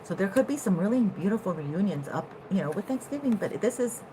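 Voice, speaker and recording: A woman giving a casual tarot reading to her viewers, animated, at times laughing and jumping from quiet musing to loud excited bursts. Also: mid-range voice, a little fast, hardly any pauses, slight background noise, rough recording. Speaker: tarot reader.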